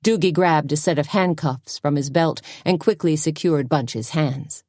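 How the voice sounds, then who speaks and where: A woman narrating a cozy mystery audiobook in an expressive storytelling manner. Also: low voice, unhurried, dry recording, clean studio sound. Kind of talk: scripted narration.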